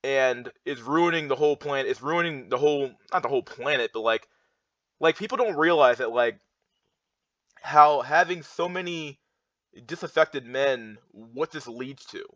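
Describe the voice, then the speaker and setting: A young man's mid-range, fairly bright voice carries a heated rant about charts at a moderate pace. He rambles and repeats himself, filling the talk with fillers and restarts. The sound is dull, lo-fi and dry, with no echo.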